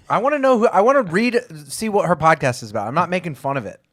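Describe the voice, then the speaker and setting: A man co-hosting a casual podcast, gushing and excitable. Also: high voice. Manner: excitable, gushing, quick laughs. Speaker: podcast co-host. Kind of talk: casual chat.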